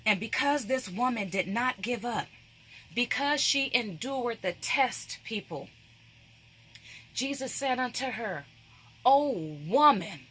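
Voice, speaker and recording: A woman hosts a craft devotional and preaches emphatically, repeating phrases and often calling out to "people." Her voice is a little high with lively intonation, a sharp tone, and a breathy edge. She speaks at a slow pace.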